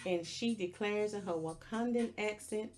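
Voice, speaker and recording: Loud music plays behind this woman's mid-range voice as she talks at normal speed. Hosting a podcast, she gives a casual movie recap, plainly walking through a show's plot step by step in a storytelling way.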